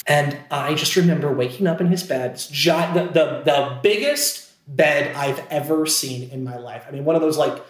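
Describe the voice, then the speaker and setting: A man's voice: fairly high pitch, normal speed, few pauses, roomy sound. A man telling a long story in casual chat, rambling, with many fillers and restarts. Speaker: podcast co-host telling a story.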